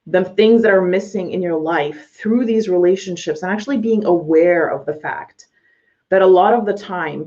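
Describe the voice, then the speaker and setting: A woman's voice: lowish voice, a little mellow. A woman coaching her audience directly in a blunt talk, swearing freely as she goes. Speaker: business coach. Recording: slightly dull lo-fi audio.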